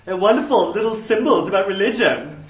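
A man's voice: high voice, expressive, brisk, a little hiss or hum, pitched above the performer's own voice. Man putting on a gushing, fawning minister. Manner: sing-song, fawning, with an odd lilt. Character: gushing, condescending liberal male minister. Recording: roomy, distant mic, faint ambience.

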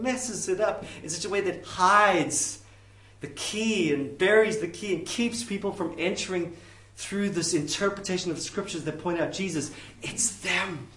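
Animated preacher. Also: male voice, high-pitched, a little slow. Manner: animated, jokey, conversational. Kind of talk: sermon. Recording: roomy, distant mic, faint ambience.

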